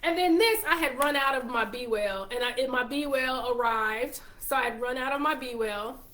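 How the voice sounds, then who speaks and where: Chatty Texan woman with a higher voice. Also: normal speed, fairly bright tone. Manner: chatty, upbeat, lists ingredients with frequent restarts. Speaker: show host and wellness consultant. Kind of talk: casual product talk to viewers.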